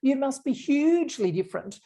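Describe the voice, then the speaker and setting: Mellow woman explaining earnestly. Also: sits high, animated, moderate pace, vocal fry. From Australia. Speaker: unconscious bias specialist. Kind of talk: interview conversation.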